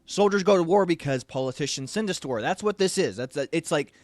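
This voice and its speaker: Man, movie review chat, rambling, restarts, fillers, fairly high voice, dry close sound. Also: expressive, fast, dry recording. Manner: rambling, many restarts and "you know". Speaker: podcast co-host.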